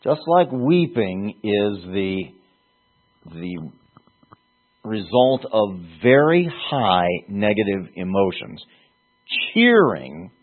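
A man preaching a sermon in an earnest, halting way, repeating words for emphasis. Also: fairly low pitch. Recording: tinny phone-like sound.

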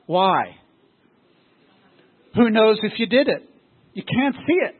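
A man's voice: high-pitched, big pitch swings, slow, husky. A man preaching a sermon as pastor, often throwing rhetorical questions at his congregation. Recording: tinny phone-like sound.

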